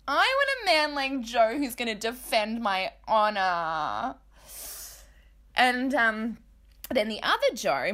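A woman's voice: medium pitch, a bit bright. A woman hosting a chatty podcast, gossiping about reality TV, swearing and laughing often. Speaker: podcast host recapping reality TV. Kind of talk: casual chat.

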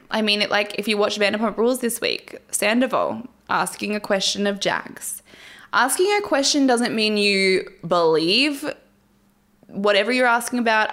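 A woman's voice: medium pitch, fairly bright tone. Wry, chatty woman podcaster. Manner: candid, wry and chatty, with frequent laughs. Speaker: podcast host. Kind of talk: solo casual recap commentary. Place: at home alone with her cats.

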